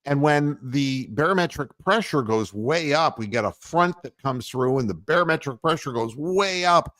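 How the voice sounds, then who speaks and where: A man's voice: fairly high pitch, lively intonation, normal speed, fairly bright tone, no room sound, clean studio sound. An older man hosting a casual sports radio show, rambling and profane, poking fun at himself. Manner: rambling, profane, self-mocking.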